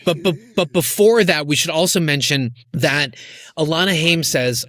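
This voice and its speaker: Eager man with a slightly higher voice recapping films. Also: moderate pace, fairly bright tone, dry recording, clean studio sound. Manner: eager, jumps in with fillers and recaps of scenes. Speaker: film podcast co-host. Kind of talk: casual film review chat.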